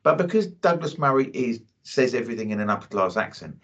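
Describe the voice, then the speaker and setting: A man's voice: medium pitch, big pitch swings, fast, fairly bright tone. A man talking bluntly in a casual two-way chat, leaning on "you know" as he goes. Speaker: co-host. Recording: dull lo-fi audio.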